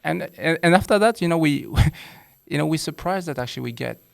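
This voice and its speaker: A man's voice: fairly high pitch, expressive, a little fast, creaky. A man who is a psychologist, talking as a podcast guest and explaining earnestly with rhetorical questions. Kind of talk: casual conversation.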